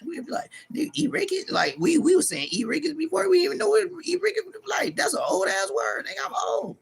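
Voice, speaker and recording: A middle-aged man delivering a profane, taunting callout rant to the camera, animated and mocking. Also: vocal fry, slightly rough. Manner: animated, profane, taunting, pitch leaping high in mocking bursts. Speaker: street vlogger.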